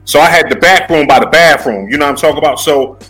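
Philly guy telling stories, bright punchy voice, a little music in back. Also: fairly high pitch, fast, slightly rough, rough recording. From Philadelphia. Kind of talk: casual storytelling chat.

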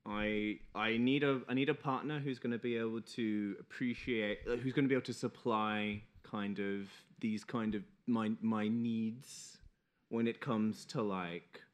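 A man playing a contestant at a live comedy show, talking haltingly with many fillers. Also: fairly low pitch, steady tone. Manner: halting, hesitant, full of fillers. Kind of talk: live comedy role-play.

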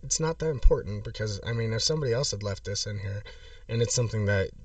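A man voicing an evasive, oddly formal hotel guest who calls himself a professional, prank-calling the front desk in a slow, halting voice. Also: on the low side, expressive, dry recording, distant mic, lightly acted. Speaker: prank caller.

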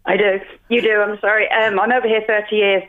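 Casting: chatty Englishwoman, quick talker, heard over a tinny phone line. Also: medium pitch, level tone. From England. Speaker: radio guest on the phone. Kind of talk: phone-in interview. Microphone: telephone.

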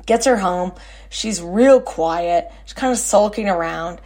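Woman in her forties, lowish voice. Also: unhurried, a little mellow. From Texas. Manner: rambling, self-correcting, with many fillers. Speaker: podcast host. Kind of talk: casual storytelling.

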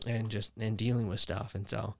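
A young man hosts a podcast and chats casually about his faith, rambling along with plenty of fillers and restarts. His voice sits on the low side with little pitch movement, a creaky texture, and a normal speed.

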